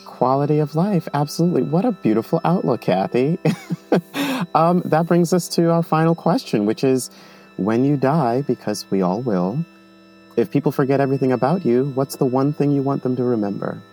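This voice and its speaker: A man hosting an interview podcast, gentle and appreciative, praising his guest warmly and asking the closing question. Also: mid-range voice, normal speed, soft background music. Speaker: podcast host.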